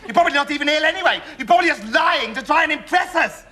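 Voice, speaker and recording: A shrill, pompous young anarchist. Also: male voice, animated, racing, exaggerated voice. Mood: sneering. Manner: whiny, shouty, self-righteous. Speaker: sitcom character. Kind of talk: sitcom acting before a live audience. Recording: loud studio audience laughter.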